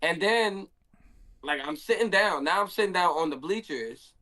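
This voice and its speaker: A man's voice: sits high, animated, normal speed, bright, forceful tone. A young man, a handball player, telling a story in a casual stream Q&A and acting out his own quotes.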